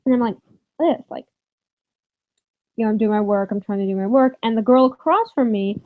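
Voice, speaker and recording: Young female vlogger, casual storytime straight to camera, slightly higher voice, candid and profane. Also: a little fast, narrow, tinny audio. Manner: candid and animated, with frequent swearing and fillers.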